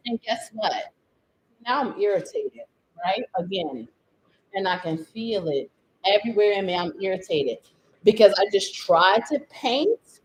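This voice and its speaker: A woman talking off the cuff on a live stream from home, slightly high-voiced and swinging widely in pitch. She rants in exasperation and keeps breaking into laughter. It sounds unscripted and personal. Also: rough recording.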